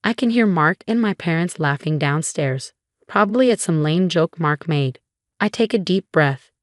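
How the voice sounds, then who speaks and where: A woman narrating a first-person story in a steady, scripted reading. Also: on the low side, normal speed, no room sound, studio quality.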